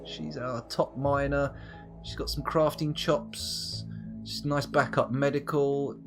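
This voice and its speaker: A man's voice: mid-range voice, level tone, a little slow, over music. A man giving playful, jokey live gameplay commentary as a streamer, with muttered asides. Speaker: game streamer.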